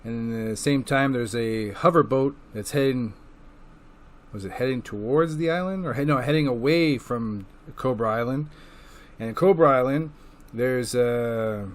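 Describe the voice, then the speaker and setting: Speaking at a measured pace in a medium-pitched voice, a comic book reviewer casually runs through comics he has read. Filler words and swearing fill his loose, profane delivery, along with acted-out quotes.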